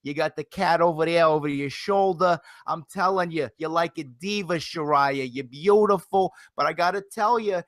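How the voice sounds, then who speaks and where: A gushing promoter voice, pitched well above the speaker's usual and stretched out slowly. It is heard in a dry, close recording, as a man puts it on for a laugh. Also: a bit bright, no echo, lightly acted. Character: male wrestling promoter impression, flattering, loud.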